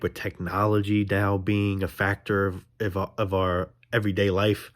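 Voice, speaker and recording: A young man talks straight to camera in a rambling, frustrated rant. His voice sits low, and he swears freely and circles back on his own points. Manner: frustrated, ranting, profane, rambling. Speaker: vlogger. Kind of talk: casual monologue to camera.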